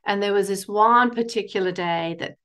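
Middle-aged woman, counsellor guest, lively storyteller who laughs easily. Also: medium pitch, normal speed. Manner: animated, laughing storyteller, acting out inner voices. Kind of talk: storytelling interview chat.

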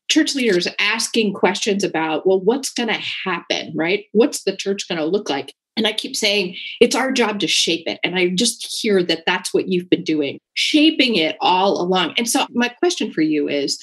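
A woman's voice: medium pitch, expressive, normal speed, hardly any pauses, a bit bright, husky. A woman co-hosting a podcast, asking a guest reflective, curious questions. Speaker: podcast co-host. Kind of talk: interview questions.

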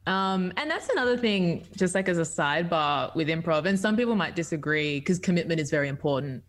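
A woman, a guest improv teacher, chatting in an animated way with lots of fillers. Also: fairly low pitch, a little fast. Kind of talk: casual chat.

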